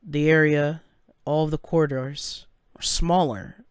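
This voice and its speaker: A man narrating a first-person story in a halting, anxious way, stumbling over his words. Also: fairly high pitch, fairly even intonation, clean tone, no room sound, clean studio sound. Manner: halting, anxious, with stammered restarts.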